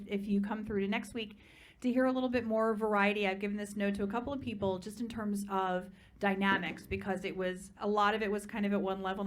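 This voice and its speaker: A woman judging a live singing competition, offering gentle, encouraging notes on dynamics. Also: medium pitch, slight background noise. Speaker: competition judge. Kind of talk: live judge's critique. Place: live performance venue.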